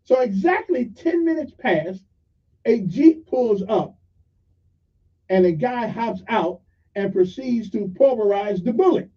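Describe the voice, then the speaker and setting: A man's voice: sits high, expressive, slow, slightly rough. A man hosting call-in talk radio in a rambling, folksy storytelling manner, on a dull lo-fi radio recording. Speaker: radio talk show host.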